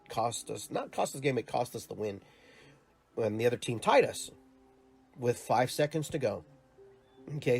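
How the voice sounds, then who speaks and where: This podcast host, who also coaches youth soccer, has a voice on the low side with a touch of mellowness. On his own show he drifts through an earnest, casual, reflective monologue, repeating words often.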